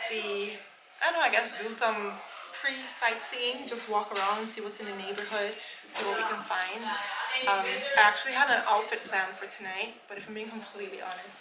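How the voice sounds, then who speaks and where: A woman vlogging casually in a rented apartment, chatty and excitable, dropping in Dutch words. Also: medium pitch, reverberant, heavy background noise. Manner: bubbly, chatty, exclamatory, mixes in Dutch words. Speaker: travel vlogger. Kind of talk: casual chat to camera. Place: apartment indoors, with companions.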